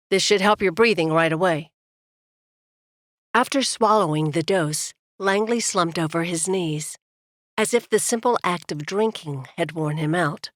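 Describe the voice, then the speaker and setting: Her pitch fairly low, a woman reads an audiobook with steady, measured delivery. It's a studio-quality recording with no echo.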